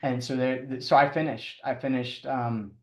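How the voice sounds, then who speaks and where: A middle-aged man telling his story as a podcast guest, halting and restarting often, with chuckles. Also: mid-range voice, steady tone, echoey room. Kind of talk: casual storytelling interview.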